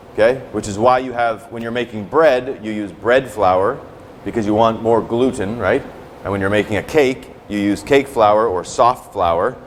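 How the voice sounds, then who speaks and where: A man's voice: medium pitch, slight background noise. A man teaching a cooking class while demonstrating, talking casually and ending most sentences with "right?" or "okay?". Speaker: culinary instructor. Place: teaching kitchen.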